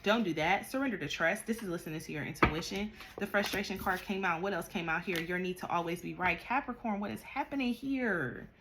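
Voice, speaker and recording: A woman doing a tarot card reading, talking straight to the listener in a direct, animated way and scolding them at times. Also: lowish voice, brisk, few pauses, very noisy. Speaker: tarot reader.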